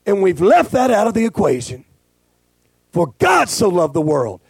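Folksy preacher with a gravelly voice. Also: male voice, sits high, very animated, normal speed, dry recording. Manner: folksy, joking, swells into shouted preaching. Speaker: pastor. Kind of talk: sermon.

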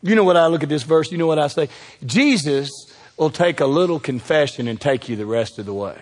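Husky-voiced Southern preacher man. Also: on the high side, expressive, fairly quick, big-room sound. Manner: preaching with call-and-response questions to the congregation. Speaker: pastor. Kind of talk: sermon.

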